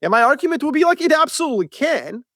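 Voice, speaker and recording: A man co-hosting a podcast, debating world affairs in an animated, profane, casual way. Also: extremely high pitch, fast talker, no room sound, clean studio sound. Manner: animated, profane, acts out quoted voices. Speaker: podcast co-host.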